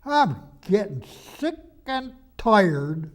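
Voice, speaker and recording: Exasperated blustery man, slow and animated. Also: sits high. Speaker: comedy show host. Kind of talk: comedy sketch.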